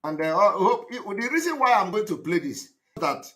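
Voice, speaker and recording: A man giving a live broadcast monologue, emphatic and repetitive, breaking into shouted outbursts. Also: sits high, big pitch swings, brisk. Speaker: activist broadcaster.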